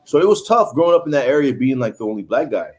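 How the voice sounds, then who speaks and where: A man's voice: mid-range voice, sing-song, quick pace, a little mellow. Chatty man hosting a food livestream. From Haiti. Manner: chatty, reads viewer comments aloud. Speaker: livestream host. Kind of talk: casual livestream chat.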